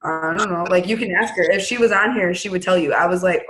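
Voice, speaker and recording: Blunt, brisk woman on a video call. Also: fairly low pitch, fairly bright tone, low-quality recording. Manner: blunt, brisk, acts out quotes. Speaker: team leader hosting a video call. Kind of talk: casual pep-talk on a video call.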